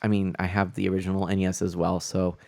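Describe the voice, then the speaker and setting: Streaming a game from a room at home, a man chats casually and stumbles over his words on his new desk mic setup. His voice is low, monotone and darkish with vocal fry; he talks fast, and there's no room sound.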